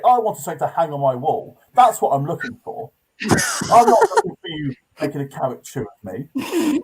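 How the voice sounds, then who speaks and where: A man's voice: on the high side, a little mellow, husky, low-quality recording. A man hosting an improv comedy game show, hesitant and full of filler sounds as he sets the tasks and hands out points.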